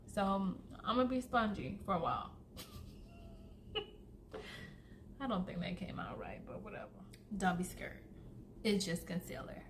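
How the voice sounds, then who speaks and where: A bright, fairly high-voiced woman with a twang chats her way through a makeup routine. She talks slowly and easily, laughing often and calling her viewers y'all. A faint hiss sits behind her voice. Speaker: beauty vlogger. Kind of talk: casual get-ready-with-me chat.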